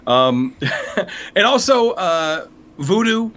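A man's voice: high voice, very animated, drawn-out words, fairly bright tone. A man co-hosting a casual movie review chat, rambling loosely, laughing, and dropping into quoted voices. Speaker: podcast co-host.

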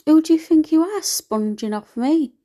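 A woman's voice: sits high, animated, normal speed, dark tone, voice pushed up. A crude, abusive man snarls profane insults in a sneering voice, put on by a woman mimicking him. The impression stays close to her own voice.

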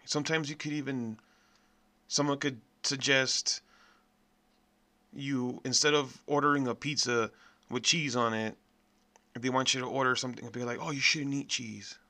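A man hosting a podcast, delivering a profane, blunt, animated rant in a casual monologue. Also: medium pitch. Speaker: podcast host.

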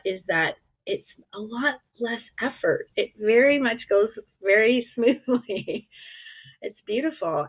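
A middle-aged woman coach talking in a reflective, gently encouraging way, acting out her own inner dialogue as she speaks. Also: mid-range voice. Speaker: guest coach. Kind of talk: conversational interview. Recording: tinny phone-like line.

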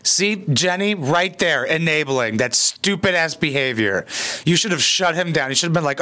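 A man's voice: on the high side, animated, normal speed, bright, forceful tone, faint music behind. A man hosting a reaction video, mocking and sarcastic, with crude comedic commentary.

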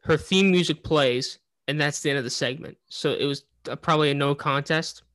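A man with a slightly raised voice chats excitedly about a wrestling segment, his sentences speeding up as he goes. He laughs easily and keeps handing the floor to his co-host. The sound is close and dry. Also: fairly high pitch, fairly quick, no room sound. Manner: excited, breaks into laughs, asks co-host's opinion. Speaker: podcast co-host. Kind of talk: casual wrestling chat.

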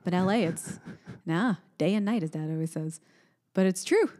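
A woman's voice: lowish voice, normal speed, dark tone. A woman co-hosting a casual chat, telling family stories with frequent laughs. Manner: chatty storyteller, laughs often. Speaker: podcast co-host.

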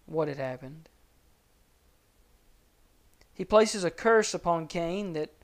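A man preaching a sermon, reading and explaining scripture in a measured, earnest way that sinks to soft low tones on grave points. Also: smooth.

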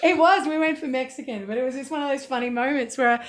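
A woman talks through her songwriting in a casual interview. She tells stories in an easy, chatty way and keeps things animated with quick asides. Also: high voice, over a noisy crowd. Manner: chatty, anecdotal, animated storytelling. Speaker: songwriter and singer.

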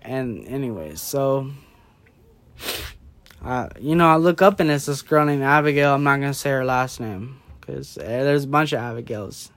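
A tipsy young man talks in a loose, rambling way, losing his thread and circling back. His voice sits at an ordinary middle pitch for a man. It sounds like casual late-night chat. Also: lively intonation, normal speed. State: drunk.

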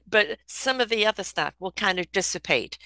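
A woman's voice: mid-range voice, animated, normal speed, pushed and bright, no room sound. A woman in casual conversation, talking in a reflective way and often acting out inner voices. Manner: reflective, uses pastry metaphors and acted inner voices.

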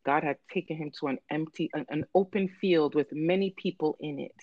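A soft-spoken woman talks on a faith podcast and keeps murmuring agreement. The sound is muffled and lo-fi. The room is close and dry. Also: deep voice, brisk, dry recording. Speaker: podcast co-host. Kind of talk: casual faith chat. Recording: dull lo-fi dry recording.

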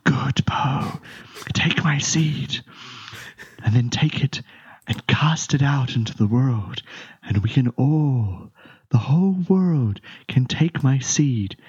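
A man voicing a sickly ancient tree spirit in a whispered role-play, with a breathy coaxing whisper. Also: mid-range voice, animated, takes it slowly, a little mellow, dry recording, lo-fi sound, voice pushed up.

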